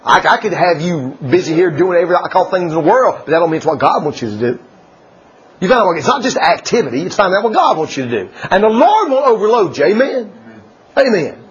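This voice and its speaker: A man preaching a folksy sermon, laughing often and swinging from loud declarations to hushed asides. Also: high voice, very animated, fast talker. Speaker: pastor. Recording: dull lo-fi church recording.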